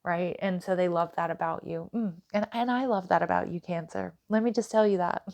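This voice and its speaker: A woman's voice: fairly low pitch, brisk, few pauses, darkish tone. A woman doing a casual tarot reading for her viewers, chatty and direct, with plenty of "like" and "you know". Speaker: tarot reader.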